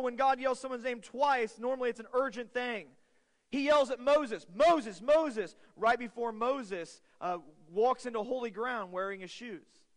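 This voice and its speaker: Male pastor, sermon, earnest, swings from loud urgent peaks to quiet lows, reverberant sanctuary. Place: church sanctuary. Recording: long hall reverb.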